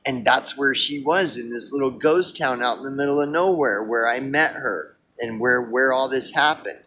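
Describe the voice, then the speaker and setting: A man's voice: mid-range voice, moderate pace, bright, forceful tone, slight background noise. A man telling a personal story in a casual, rambling way, swearing often and calling the listener dude.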